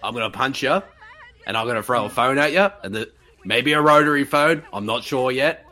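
A man's voice: medium pitch, expressive, brisk, pushed and bright. A man putting on a boastful, brawling middle-aged movie star as a joke impression, talking bluffly and laughing. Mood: boisterous.

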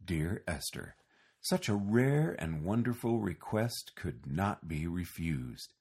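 A man voicing a gentle old Santa Claus in a storybook reading, speaking softly and slowly, a little husky. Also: low-pitched, big pitch swings, pitched below the performer's own voice, exaggerated voice. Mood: warm. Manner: soft, hushed and slow.

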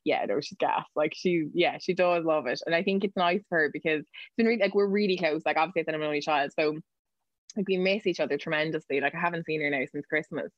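Fast-talking Irish woman, chatty. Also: sits low, dry recording, lo-fi sound. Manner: chatty, quick anecdotes, laughs often. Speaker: guest, news reporter. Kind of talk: casual podcast interview.

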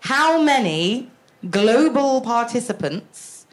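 A woman's voice: on the high side, sing-song, slow pace. A woman co-hosting a live podcast, joking and self-mocking as she playfully presents facts. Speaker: podcast co-host. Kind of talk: casual live podcast chat. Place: live event in a shop.

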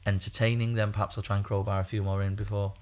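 Male podcast co-host, lowish pitch, loose chatty delivery full of ums and restarts. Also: flat delivery, fast, darkish tone. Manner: rambling, chatty, many fillers and restarts. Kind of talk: casual podcast chat.

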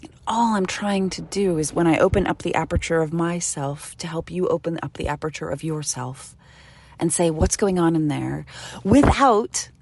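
A middle-aged woman hosting her own podcast, speaking earnestly and from the heart, sometimes dropping to a soft whisper. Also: deep voice, moderate pace, vocal fry, breathy edge. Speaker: podcast host. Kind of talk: intimate solo podcast monologue. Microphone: studio microphone.

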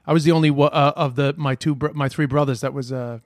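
Fast-talking comedian from New York. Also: male voice, fairly high pitch, fairly even intonation, dry recording. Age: 40s. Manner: quick, joking banter. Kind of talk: casual podcast chat.

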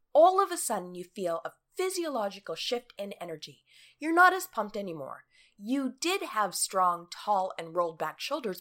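Blunt, swearing woman with a lively voice. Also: mid-range voice. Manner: blunt and profane, acts out everyday scenes in quick quoted voices. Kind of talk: motivational talk addressed to the listener.

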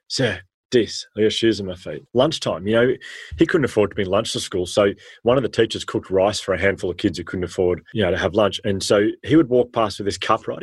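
An Australian man in his thirties appears as a guest in a casual interview, telling stories with animation and acting out the voices of the people he quotes. His voice is lowish and husky, and the recording is dry.

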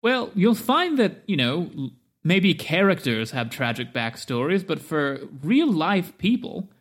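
A boastful, melodramatic halfling man, as a man plays him at the table. He tells tall tales in a pompous, theatrical manner, his voice sitting a little high. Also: big pitch swings, measured pace, fairly bright tone, heavily acted. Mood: grandiose.

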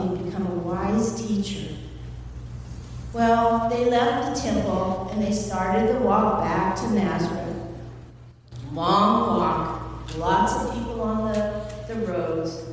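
A woman's voice: mid-range voice, slow, slight background noise. A woman who is a teacher, telling a story to students as a children's sermon and doing playful voices for the characters. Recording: echoey hall from far off.

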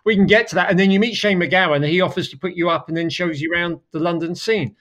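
A man's voice: sits high, steady tone, fast, a bit bright. A man hosting a casual interview over a video call, enthusiastic, repeating words as he restarts. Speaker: podcast host.

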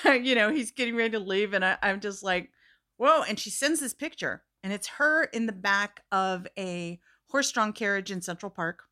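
Bright-voiced woman telling a wild story. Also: mid-range voice, normal speed. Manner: animated, acts out quoted voices, laughs often. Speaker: storyteller guest. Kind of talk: casual storytelling chat.

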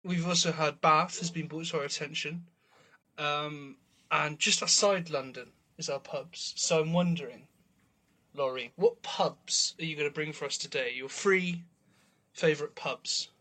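Upbeat, husky-voiced podcast host. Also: male voice, a little high, a little slow, bright, forceful tone. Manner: upbeat, teasing. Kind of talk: casual chat.

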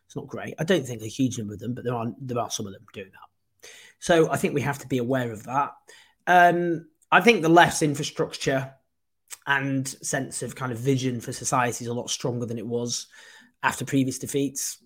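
A man hosting a political livestream, impassioned and sarcastic with quick asides. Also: mid-range voice, a bit bright, breathy edge. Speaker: host.

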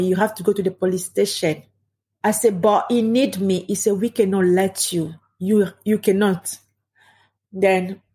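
A middle-aged woman recounts a loss in her own words, her grieving voice soft and mellow. She speaks haltingly, her English marked by non-native grammar and stops to find words. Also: mid-range voice. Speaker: bereaved mother. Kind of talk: personal testimony.

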